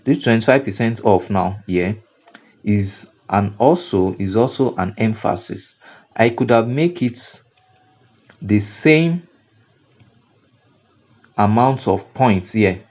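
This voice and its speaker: Nigerian man teaching design, low mellow voice. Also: measured pace. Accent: Nigerian English. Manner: repetitive, explanatory, frequent "now" and "you see". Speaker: graphic design instructor. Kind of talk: screen-recorded tutorial lecture. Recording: dull lo-fi recording.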